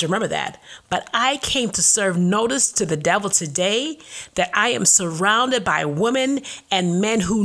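A woman hosting a devotional podcast, speaking earnestly and reading affirmations slowly and deliberately. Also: mid-range voice, pushed and bright. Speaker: podcast host.

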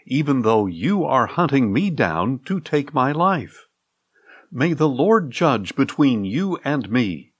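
A man's voice: medium pitch, slightly rough, no echo, full character voice. A man reading the pleading words of an earnest young man addressing a king.

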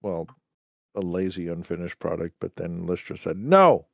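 A man's voice: sits low, completely flat delivery, normal speed, vocal fry, warm tone, no room sound. A man co-hosting a casual gaming podcast, talking in an easygoing, teasing and reassuring way. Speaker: podcast co-host. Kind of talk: casual chat.

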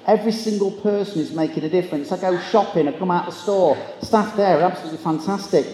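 A man whose voice sits high and sounds mellow speaks quickly as he gives a comic motivational keynote before a live audience. He acts out the quoted voices in his funny stories, all captured in an echoey large hall.

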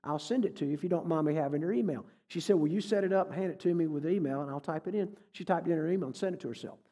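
A man's voice: on the high side, rapid-fire, warm tone. A man giving a folksy, conversational sermon as a guest speaker, telling stories and joking with the congregation. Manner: folksy, conversational, jokes with the audience. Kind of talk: sermon with storytelling. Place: church hall. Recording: reverberant church hall.

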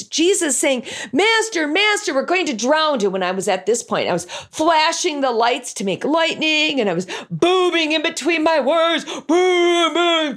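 A woman who teaches a children's Bible class tells a story about it, acting out lines and sound effects. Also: high-pitched. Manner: animated, acts out lines and sound effects in voices. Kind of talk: storytelling to an audience.

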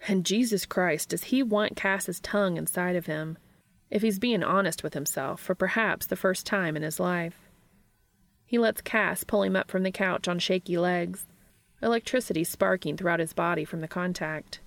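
A woman reads a fan fiction story aloud in a steady narrating voice. Her tone sits a little low with a gravelly texture, recorded close and dry. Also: normal speed, no echo.

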